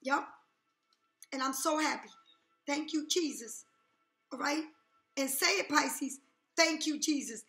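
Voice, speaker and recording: A woman's voice: high-pitched, slow pace, long pauses, a bit bright, echoey room, faint music behind. A woman giving a casual tarot reading, talking emphatically, repeating herself and checking in with "okay?" often. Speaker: tarot reader.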